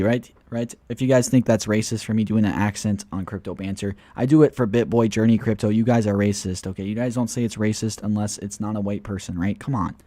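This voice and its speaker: A man's voice: lowish voice, fairly even intonation, fairly quick, hardly any pauses, warm tone. Man chatting on a crypto livestream. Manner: talks straight to viewers, calling them guys, answering chat questions; mocking and ranting at times, with scoffing laughs. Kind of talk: casual livestream chat.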